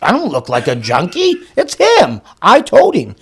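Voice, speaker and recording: A man on a podcast as the guest, telling a story in an excitable way. He swears often, laughs mid-sentence and acts out the dialogue. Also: high-pitched, normal speed, vocal fry. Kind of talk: animated storytelling.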